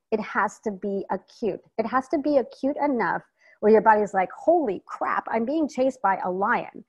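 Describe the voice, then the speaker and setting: A woman coaching an online community on a video call, speaking in an animated, enthusiastic way. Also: medium pitch, no room sound. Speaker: wellness coach. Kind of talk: online community health talk.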